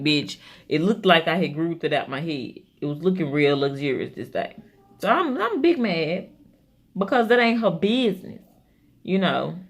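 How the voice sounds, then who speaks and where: A woman vlogger, chatting casually while doing her makeup and telling an exasperated story in animated, sassy bursts. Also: low-pitched, creaky.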